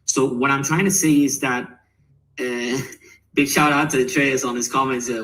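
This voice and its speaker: A man's voice: mid-range voice, steady tone, normal speed, fairly bright tone, rough recording. Rambling, laughing man on a call-in. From born in London. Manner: rambling, laughs often, swears casually. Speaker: call-in guest. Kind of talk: casual livestream debate.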